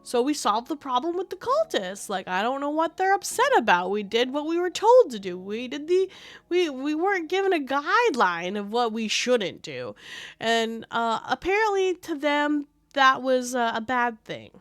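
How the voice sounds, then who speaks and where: A woman streamer chatting casually, telling a rambling, animated story about a game session, full of fillers. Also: high voice, normal speed, no echo.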